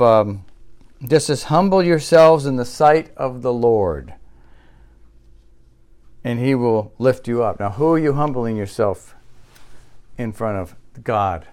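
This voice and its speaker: A man preaching a sermon in earnest, building to loud, high passages and then dropping low and quiet, often restarting his phrases. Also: clear, resonant tone. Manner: repeats himself and restarts phrases. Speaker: pastor.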